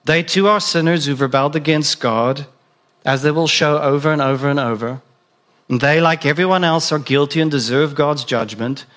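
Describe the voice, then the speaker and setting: Male preacher, somewhat high voice. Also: normal speed, fairly bright tone. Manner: conversational, asks the listeners direct questions. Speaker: pastor. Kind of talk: sermon.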